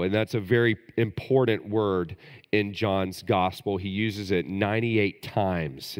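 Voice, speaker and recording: Preacher guy, lowish voice, gets loud and punchy on the big points, church reverb. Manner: animated preaching, rising to emphatic bursts. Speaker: pastor. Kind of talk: sermon. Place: church sanctuary. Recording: long hall reverb.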